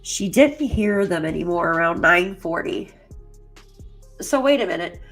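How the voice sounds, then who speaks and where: A woman's voice: fairly low pitch, animated, a little slow, fairly bright tone, faint music behind. A middle-aged woman hosting a true crime channel, rambling and emotional with lots of fillers as she reads through case documents. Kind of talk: casual chat reading case documents.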